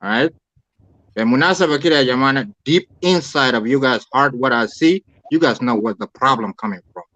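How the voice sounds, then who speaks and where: A man's voice: medium pitch, expressive, fairly quick, pushed and bright, no echo, lo-fi sound. A man calling in to a talk show, speaking in a heated, preachy, repetitive way. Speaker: caller. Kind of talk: impassioned call-in rant.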